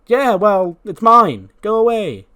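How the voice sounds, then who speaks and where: A man's voice: sits high, sing-song, slow pace, sharp tone, clean tone, voice pushed up, heavily acted. A man voicing an arrogant female wrestling champion who rants scornfully at a rival. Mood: snippy. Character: haughty female wrestling champion, boastful and dismissive.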